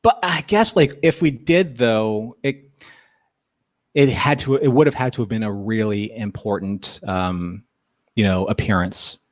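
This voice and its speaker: A man's voice: lowish voice, measured pace, no echo, clean studio sound. A man co-hosting a podcast, joking around and laughing often in casual chat. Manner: jokey, animated, laughs often. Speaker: podcast co-host.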